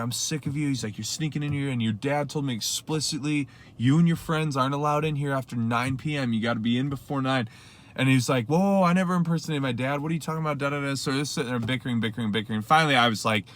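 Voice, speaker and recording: A young man with a bright, forceful voice recounts a story in a loose, rambling way. He piles on fillers and acts out quoted asides as he talks to his viewers. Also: medium pitch, fast. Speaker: rideshare driver vlogger. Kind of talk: casual storytelling to camera.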